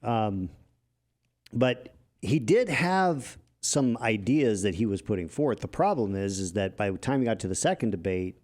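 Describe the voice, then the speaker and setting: A man's voice: on the low side, expressive, a little slow, darkish tone. A man co-hosting a casual political talk show who has made political ads, analytical with wry asides. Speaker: podcast co-host, political ad maker.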